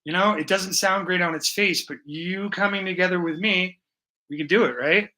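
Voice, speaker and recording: A man's voice: sits high, moderate pace, bright, forceful tone, rough recording. A man hosting a casual live stream, rambling and swearing freely as he chats with his viewers. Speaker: livestream host.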